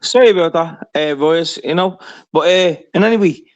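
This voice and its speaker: A man's voice: fairly high pitch, normal speed, muffled recording. A man with a Scottish accent hosting a live stream, pressing with the same questions again and again and stumbling over his words. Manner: pressing, repetitive questioning, stammering restarts. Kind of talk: heated live-stream argument.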